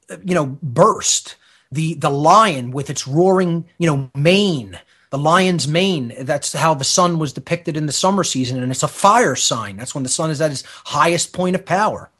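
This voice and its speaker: A man with a somewhat high voice holds forth as a guest on a talk radio show. He explains at length in a teacherly way, checking in with the listener and restarting his sentences as he goes. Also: a bit bright. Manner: lecturing, often checks in with "okay?", many fillers and restarts. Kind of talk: explanatory lecture-style talk.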